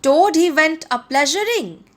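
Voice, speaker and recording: A hot-headed, boastful toad seethes and yells for revenge, as a woman reads him. A fairly high storybook voice full of injured pride. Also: very animated, a little slow, heavily acted. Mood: furious. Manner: furious, vengeful outbursts.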